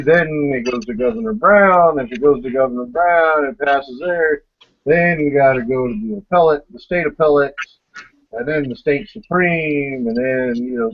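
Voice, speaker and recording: A man's voice: fairly high pitch, no echo. Blunt, cussing man on a voice call. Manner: blunt, profane, rambling. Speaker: podcast host. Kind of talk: casual pre-show chat. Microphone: online voice call. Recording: dull lo-fi voice call.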